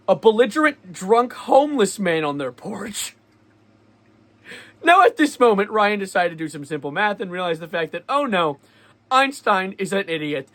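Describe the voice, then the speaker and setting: A young man vlogging, telling a story in a lively, sarcastic way and often laughing. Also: high voice. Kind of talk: casual storytelling vlog.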